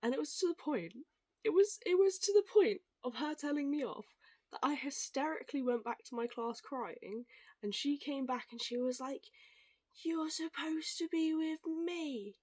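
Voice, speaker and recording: A young woman telling stories in a casual, animated rant, swearing and acting out what others said. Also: sits high, no echo. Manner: animated, swearing, quick asides, acts out quoted voices. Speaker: vlogger.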